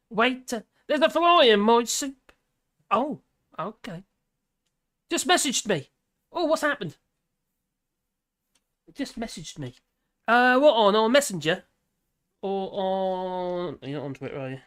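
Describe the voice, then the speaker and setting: A man's voice: high-pitched, fairly bright tone. A man hosting a live stream in casual chat, rambling, laughing often and trailing off mid-sentence.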